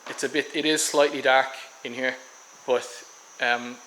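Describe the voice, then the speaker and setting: In a steady, measured, mid-range voice that is bright and forceful, an Irish vlogger casually shows viewers a house for sale on a tropical island, moving in and around it room to room with ums and restarts. The audio is poor, with a little hiss or hum.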